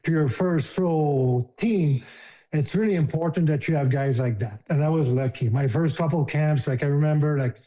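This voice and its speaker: A man's voice: fairly high pitch, normal speed, dark tone. Laughing man with a French accent. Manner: emotional, laughs often, acts out others' lines. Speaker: guest, former hockey player. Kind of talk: casual storytelling.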